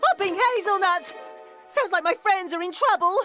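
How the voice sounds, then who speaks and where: Squirrel Nutkin, a bossy high squirrel. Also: female voice, sharp tone. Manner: bossy, quick, exclaiming. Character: bossy excitable male squirrel. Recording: cartoon with music behind.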